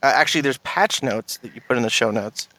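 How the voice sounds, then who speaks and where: A man's voice: medium pitch, fairly quick, pushed and bright, dry recording. A man hosting a casual gaming podcast, playful and rambling, full of fillers and restarts. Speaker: podcast host.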